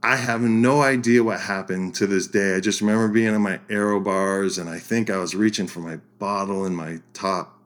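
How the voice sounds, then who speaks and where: A man telling a story as a podcast guest, animated and laughing through his lines. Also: lowish voice, normal speed. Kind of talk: casual storytelling.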